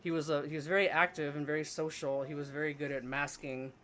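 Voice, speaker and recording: A man's voice: on the high side, level tone, quick pace, fairly bright tone. A man co-hosting a casual podcast chat, rambling with frequent fillers and restarts. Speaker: podcast co-host.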